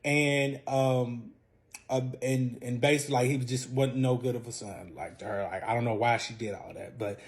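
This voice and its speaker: A man telling a long personal story in a casual vlog, animated and profane, his voice jumping from loud bursts to quiet asides. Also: mid-range voice, moderate pace.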